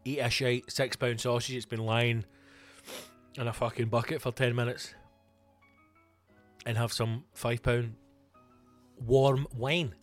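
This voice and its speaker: A Scottish man hosting a comedy podcast, ranting in an animated, sweary monologue. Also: medium pitch, slow pace, long pauses, soft background music. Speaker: comedian host.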